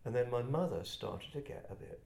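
An older English man from Kent telling personal stories to a group in a reflective, halting, self-deprecating way. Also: mid-range voice, expressive, gravelly, warm tone. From England, Kent. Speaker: speaker addressing a group. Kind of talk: personal storytelling talk. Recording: roomy echo.

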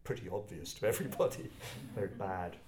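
Older man, English accent, reflective, halting, self-deprecating, echoey room. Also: sits low, a little mellow, slight background noise. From England, Kent. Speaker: speaker addressing a group. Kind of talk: personal storytelling talk. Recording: roomy echo.

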